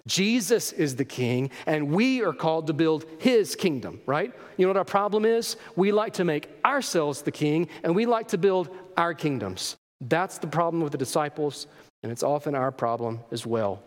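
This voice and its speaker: Man, pastor, preaching, rhetorical questions, repeats for emphasis, slightly high voice, long hall reverb. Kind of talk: sermon.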